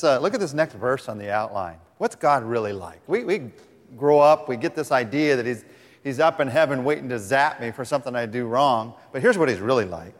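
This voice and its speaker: A pastor preaching a sermon, earnest, reading scripture aloud with the congregation. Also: male voice, medium pitch. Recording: long reverb of a large hall.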